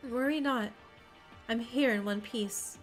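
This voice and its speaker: Brief: composed, thoughtful young woman, read by a woman, high voice, faint music behind. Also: slow. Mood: measured.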